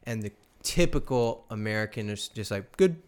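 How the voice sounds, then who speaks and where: A young man co-hosting a casual faith talk, animated as he tells stories and acts out quoted exchanges. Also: fairly low pitch, normal speed, clear, resonant tone. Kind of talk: casual chat. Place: live stream studio.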